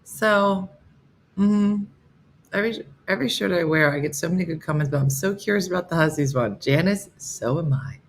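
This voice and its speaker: A woman in her fifties hosts a relaxed live morning stream, answering viewers by name. Her voice sits low, and she keeps it chatty and joking. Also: moderate pace, slight background noise. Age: 50s. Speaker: host of a live morning show. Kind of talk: casual live-stream chat reading comments.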